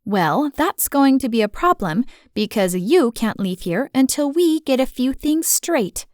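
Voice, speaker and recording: A sneering, domineering young woman, voiced by a woman narrator in an audiobook. She talks in hard, commanding bursts, pitched up and pushed louder than the narration, with a dry close sound. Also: big pitch swings, unhurried, no room sound. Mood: hostile. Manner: sharp, commanding, mocking. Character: hostile, bossy young woman, suspicious and sneering.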